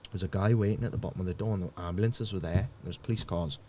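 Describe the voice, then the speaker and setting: Low-voiced man telling a painful story. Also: warm tone, slight background noise. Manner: halting, repeats words, drops to a near-murmur. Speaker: podcast guest. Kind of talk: emotional personal storytelling.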